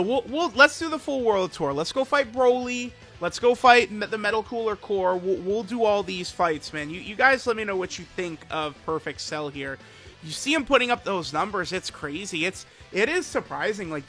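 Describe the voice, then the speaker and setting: A man's voice: high-pitched, sharp tone. A man giving casual, rambling commentary on a mobile game as the channel host, hesitating and restarting often.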